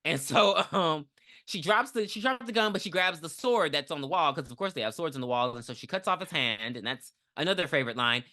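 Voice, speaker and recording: A woman podcast co-host recapping a movie in a casual, profane, animated way, acting out lines as she goes. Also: low-pitched, a little fast.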